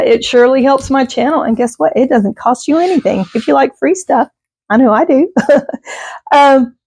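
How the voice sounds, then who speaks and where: A middle-aged woman talks to her viewers in a loose, rambling way, laughing now and then. Her voice sits fairly high, and the recording is dry, with no room sound. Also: darkish tone, no room sound. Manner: rambling, chatty, laughs often. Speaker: vlogger. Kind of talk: casual chat.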